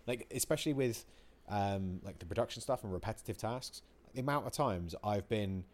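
Man, lowish voice, casual podcast chat, animated, swears a lot. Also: fairly quick, a little hiss or hum. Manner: animated, swears freely, acts out his own quoted outbursts. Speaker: podcast co-host.

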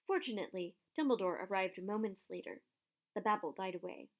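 A woman narrating a children's novel as an audiobook, giving lively voices to the characters. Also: mid-range voice, brisk. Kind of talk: scripted narration.

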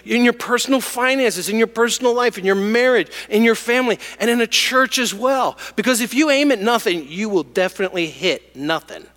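Male lead pastor, high bright voice, casual sermon with rising emphasis, reverberant church. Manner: conversational and joking, building to emphatic repetition. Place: church sanctuary. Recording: hall reverb.

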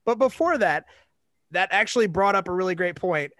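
A man's voice: sits high, expressive, a little fast, fairly bright tone, no echo. A man hosting a podcast in casual chat, rambling with lots of fillers and frequent laughter. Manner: giggly, rambling with many fillers. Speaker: podcast host.

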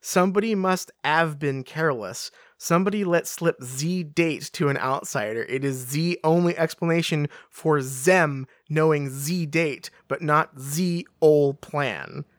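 A podcaster reading out a snappish young French woman in a thick, deliberately overdone accent. The words are drawn out slowly, and the voice sits a little higher than usual. Each line is delivered as if sounded out letter by letter. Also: no room sound, studio quality, close to an everyday voice. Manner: slow, exaggerated phonetic reading.

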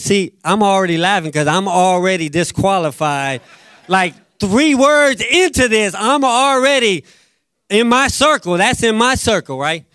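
Male pastor, high voice, dry close sound, lively sermon delivery with acted-out quotes. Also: a little slow, clear, resonant tone, no room sound. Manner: animated, acts out quotes, jumps loud and soft.

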